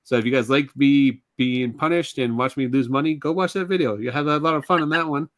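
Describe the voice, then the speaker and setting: A man co-hosts a casual podcast chat, talking in long, looping stories. His voice is mid-pitched and dry, with little room sound. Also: fairly quick, a bit bright, dry recording. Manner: rambling, chatty storyteller. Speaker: podcast co-host.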